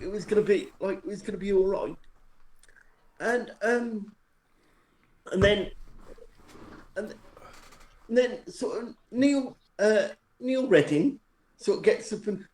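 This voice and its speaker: This storyteller on a live stream show has a high-pitched voice with a darkish tone. He rambles through a long, self-deprecating anecdote for his friends, frequently starting his sentences over, in an echoey room with a little noise.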